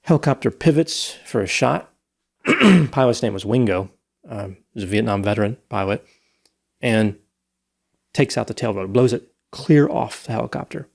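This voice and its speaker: A man's voice: mid-range voice, animated, moderate pace, gravelly. A man hosting a casual true-crime discussion, telling a case story at length. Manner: storytelling, recounting details at length. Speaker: podcast host.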